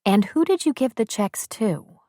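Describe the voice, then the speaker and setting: A woman voicing a kind young mother who speaks gently and patiently. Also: on the high side, lively intonation, a little slow, no echo, clean studio sound, pitched above the performer's own voice. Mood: gentle.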